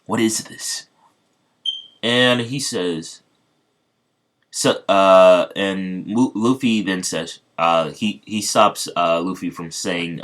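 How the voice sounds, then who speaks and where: A man's voice: deep voice, fairly bright tone. A man casually retelling an improvised fan story, rambling with many fillers and restarts.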